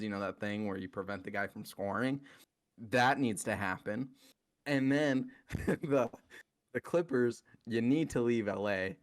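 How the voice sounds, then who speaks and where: A man co-hosting a casual podcast, ranting in a heated, profane way about basketball teams. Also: on the low side. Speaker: podcast co-host. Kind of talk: casual sports chat.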